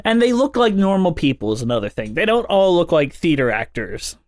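A man's voice: a little high, sing-song, fairly quick, darkish tone, no echo, clean studio sound. A man co-hosting a casual podcast about musicals, chatty and jokey, swearing now and then and filling gaps with "like" and "um". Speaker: podcast co-host. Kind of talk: casual chat.

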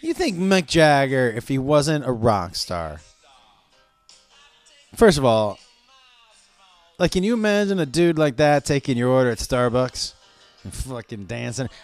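A man's voice: medium pitch, lively intonation, unhurried, pauses often, soft background music. A man hosting a podcast in a loose, profane, rambling comedic monologue. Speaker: podcast host.

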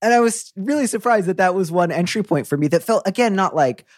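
A young adult man hosting a podcast, chatting in an effusive, animated way. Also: high voice, quick pace, dry recording, studio quality. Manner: animated, effusive, breaks into quoted voices. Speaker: podcast host. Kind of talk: casual conversational chat.

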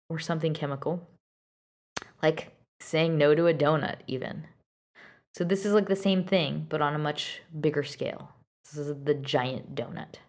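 A woman's voice: sits low, darkish tone. A woman hosting an advice podcast, talking earnestly and directly to a listener, with frequent fillers and restarts.

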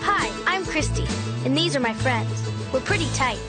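A cheerful teenage girl who leads a club of friends, introducing the group in a friendly tone. Her high voice comes from a film clip, with loud music playing underneath. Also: expressive, normal speed.

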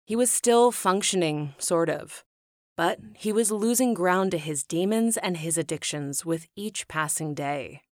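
Low-voiced woman narrating a documentary. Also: measured pace, a little mellow, no room sound, studio quality.

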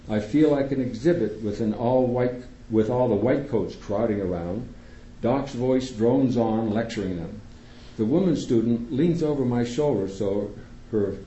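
A man reading a first-person story aloud to an audience in a theater, steady and measured. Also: mid-range voice, a little hiss or hum. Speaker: reader at a public reading. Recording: echoey room, dull lo-fi sound.

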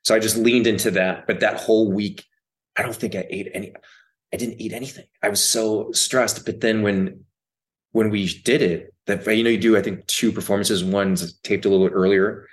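A man appearing as a podcast guest, chatting casually in a relaxed, rambling way full of restarts. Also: on the low side, normal speed. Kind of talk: casual chat.

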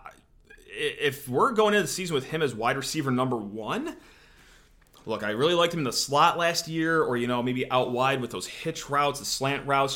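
Bright-voiced sarcastic sports show host. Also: male voice, medium pitch. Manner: animated, sarcastic, frequent fillers. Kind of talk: opinionated sports commentary.

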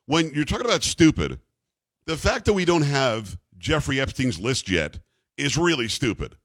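A man's voice: mid-range voice, sing-song, moderate pace, a bit bright, no echo. A man hosting a talk radio show, joking and teasing his co-host in casual banter.

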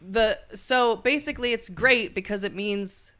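A woman's voice: mid-range voice, unhurried, a bit bright. A woman co-hosting a comedy podcast, explaining the news in a rambling, giggly way and often losing her train of thought. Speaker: podcast co-host. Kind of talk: casual comedic chat.

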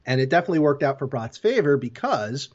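Man, podcast co-host, casual hockey recap, play-by-play, mid pitch, slightly muffled audio. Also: very animated, fast talker. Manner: play-by-play storytelling with fillers.

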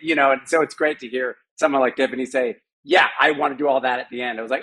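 A man's voice: mid-range voice, fairly even intonation, brisk, hardly any pauses, fairly bright tone. A man with a mid-range voice speaks earnestly and modestly, admitting his struggles while chatting with a panel. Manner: earnest, self-deprecating. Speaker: new voice actor on an after show panel. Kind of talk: casual chat.

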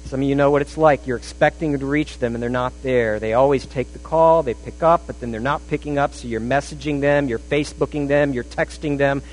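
A pastor preaching a sermon, shifting between rising emphasis and a hushed, intense delivery. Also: male voice, medium pitch, steady tone, a little fast, few pauses, low-quality recording. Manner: dramatic, drops to a hushed intensity.

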